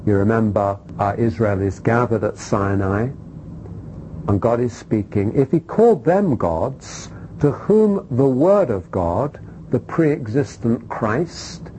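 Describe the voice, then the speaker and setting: A man's voice: lively intonation, takes it slowly, warm tone, a little hiss or hum, rough recording. A man preaching a sermon and teaching from scripture, emphatic, with rhetorical questions and repetition. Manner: emphatic, rising to stressed peaks then dropping low.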